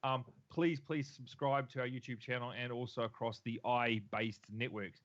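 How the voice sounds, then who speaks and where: A man's voice: mid-range voice, steady tone, moderate pace, a bit bright, muffled recording. A man from the United States hosting a casual tech podcast, upbeat and joking with his co-host. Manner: upbeat, joking, friendly banter.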